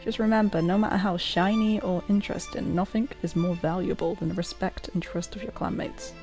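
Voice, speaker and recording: A woman voicing a wise warrior cat who gently lectures, speaking in a soft, instructive and moralizing way. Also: on the low side, fairly even intonation, fairly quick, faint music behind, natural voice.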